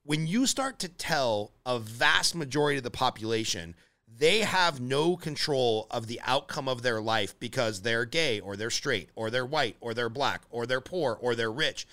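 A man's voice: medium pitch, lively intonation, normal speed, sharp tone. A man hosting a casual interview, talking in an earnest, emphatic way. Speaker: podcast host.

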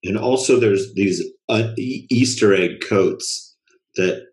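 A man's voice: on the low side, takes it slowly, darkish tone. A man co-hosting a podcast in casual chat, laid-back, trailing off and swearing casually. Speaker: podcast co-host.

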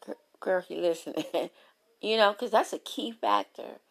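A woman giving a candid motivational talk on relationships, telling stories with lively, playful asides. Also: medium pitch, moderate pace, vocal fry. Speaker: relationship speaker.

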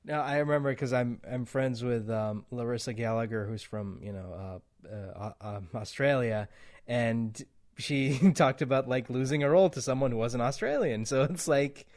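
A man's voice: mid-range voice, normal speed, a little mellow. Rambling male podcast host. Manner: rambling, restarts, laughs between points. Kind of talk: casual podcast chat.

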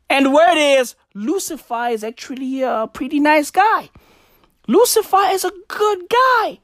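A woman doing a profane, rambling stand-up monologue, now and then bursting into shouts. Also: high voice, no room sound, studio quality. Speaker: comedian.

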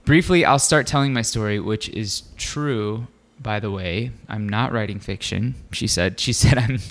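A man's voice: mid-range voice, measured pace, a bit bright. A man co-hosting a casual podcast, reading a story aloud in a laid-back way with lots of fillers and asides. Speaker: podcast co-host.

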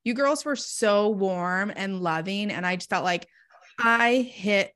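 A woman from Canada joins a podcast as a guest. She speaks in a mid-pitched voice, easygoing and relaxed, in casual conversation. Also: slow, clean tone.

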